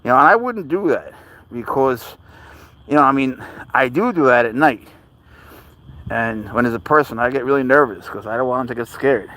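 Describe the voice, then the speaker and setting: A man's voice: medium pitch, animated, normal speed, pushed and bright, low-quality recording. A man hosting a casual live stream with his pet cat, reading viewers' comments and chatting in a rambling, easygoing way, sometimes slipping into baby talk.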